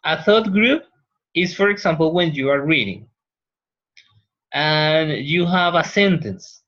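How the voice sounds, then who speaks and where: A male teacher, a native Spanish speaker, lectures a classroom in a voice that sits a little high and sounds a bit bright. He takes his time, pausing often and checking in with "right?". The classroom recording is dull and lo-fi.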